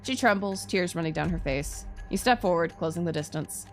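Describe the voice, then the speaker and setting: A woman's voice: on the low side, brisk, soft background music. A woman VTuber streamer reading a game's narration aloud and making self-mocking asides.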